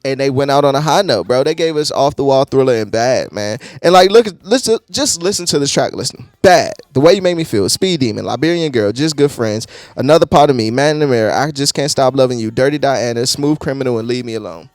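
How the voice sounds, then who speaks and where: Excitable slangy young male reviewer. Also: mid-range voice, brisk, hardly any pauses, no echo. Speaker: music reviewer. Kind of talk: casual reaction review.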